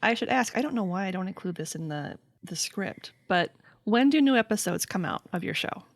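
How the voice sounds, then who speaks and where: A woman's voice: medium pitch, lively intonation, a little fast, creaky, no room sound, clean studio sound. A woman hosting a podcast, chatting casually and playfully with her guest. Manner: playful, acts out silly voices in jokes. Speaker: podcast host. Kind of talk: casual chat.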